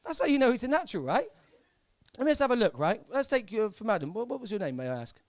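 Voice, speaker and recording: Deadpan young comedian. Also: male voice, high voice, fast, no echo. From Southampton, England. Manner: deadpan, hesitant delivery with many fillers and repeats. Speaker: stand-up comedian. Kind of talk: live stand-up set. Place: comedy club stage.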